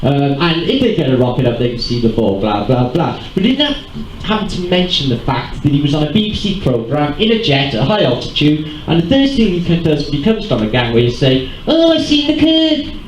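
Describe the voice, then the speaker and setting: A man giving an animated, rambling talk live to an audience. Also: a little high, brisk, hardly any pauses, a little hiss or hum. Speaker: convention speaker. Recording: roomy hall with faint ambience.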